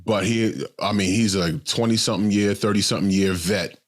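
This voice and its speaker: Rambling low-voiced male comedian. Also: brisk. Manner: rambling, many ums and restarts. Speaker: podcast co-host, comedian. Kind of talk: casual storytelling chat.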